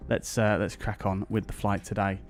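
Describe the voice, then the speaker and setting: A man's voice: fairly low pitch, little pitch movement, normal speed. Chatty British man greeting stream viewers. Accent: British English. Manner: chatty, greets viewers one by one, many fillers. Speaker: flight sim streamer. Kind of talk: casual live-stream chat.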